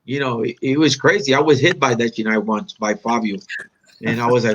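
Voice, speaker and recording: A man from Puerto Rico reminiscing in an interview, animated and acting out quoted lines with big pitch jumps. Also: brisk, muffled recording. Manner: animated storyteller, acts out quotes with sharp pitch jumps, non-native phrasing. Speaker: interview guest, black belt.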